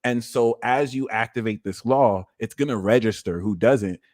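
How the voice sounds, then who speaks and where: A man giving a livestream astrology reading, animated and emphatic and cursing freely. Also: mid-range voice, normal speed, no room sound, clean studio sound. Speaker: astrologer and tarot reader.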